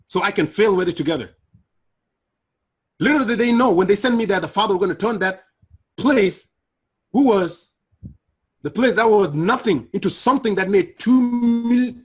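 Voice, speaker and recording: A middle-aged man tells his personal testimony in an earnest, emotional way. His voice sits a bit high for a man and has a husky, breathy edge. He sinks low and quiet when the memories turn hard. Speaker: guest sharing personal testimony.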